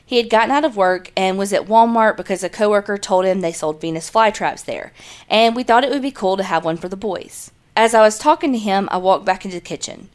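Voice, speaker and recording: A woman reads listener stories aloud on a podcast in a steady, earnest voice. She drops in dry, joking remarks between stories. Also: medium pitch, fairly quick. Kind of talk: reading listener emails aloud, casual chat.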